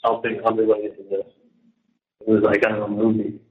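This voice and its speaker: A man on a jail phone call, talking in a rambling, halting way that keeps restarting and repeating words. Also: fairly low pitch, monotone. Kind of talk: casual phone conversation. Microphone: phone handset. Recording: tinny, echoey prison phone line.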